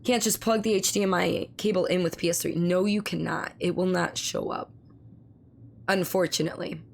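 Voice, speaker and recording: A woman live streamer chats casually with her audience, with a hoarse, strained voice. There is a gravelly rasp under her speech, and she swears freely as she reads her chat aloud. A faint hiss sits behind her voice. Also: fairly low pitch, steady tone, normal speed.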